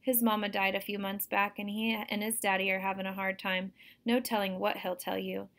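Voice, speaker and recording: A woman reading aloud, voicing an old country man who tells spooky tales in a slow, drawling way. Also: mid-range voice, level tone, fairly bright tone, lightly acted.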